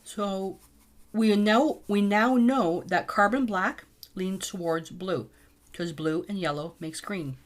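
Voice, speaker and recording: A woman's voice: mid-range voice, slow. A middle-aged woman teaching a casual painting tutorial, chatty and thinking aloud as she mixes colours.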